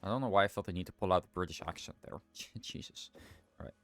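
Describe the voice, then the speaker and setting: A man's voice: sits low, fast, a bit bright. A young man streaming a game, thinking aloud in rambling casual commentary and often correcting himself. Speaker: livestreamer.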